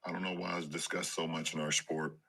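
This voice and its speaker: A man talking casually on a podcast, halting and often restarting his sentences. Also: a bass voice, flat delivery, gravelly, pushed and bright, slightly rough.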